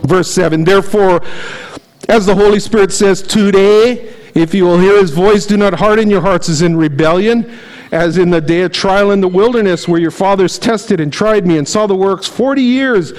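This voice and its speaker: A man's voice: sits high, normal speed, a little mellow, rough recording. A middle-aged man preaching a conversational sermon, reading scripture aloud and telling stories with animation. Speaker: pastor.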